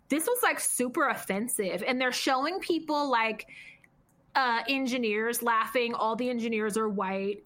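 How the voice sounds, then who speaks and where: Woman cohost ranting casually, bright higher voice, swears a lot. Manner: blunt, profane storytelling. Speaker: podcast co-host. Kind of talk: casual chat.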